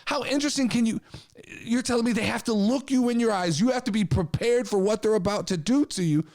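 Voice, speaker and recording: Podcast host, male, high voice, angry profane rant, hammering rhetorical questions. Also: a little fast, darkish tone. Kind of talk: opinion rant.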